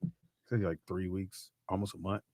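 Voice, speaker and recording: A man on a podcast, telling a childhood story in casual chat and acting out loud quotes. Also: deep voice, flat delivery, normal speed, no room sound, clean studio sound. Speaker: podcast co-host.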